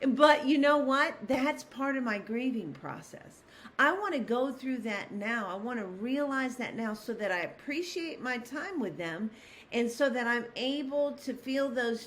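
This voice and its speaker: Middle-aged woman chatting earnestly, kinda rambly, soft little laughs, gentle encouraging vibe. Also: mid-range voice, a little hiss or hum. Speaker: host. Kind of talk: casual devotional talk.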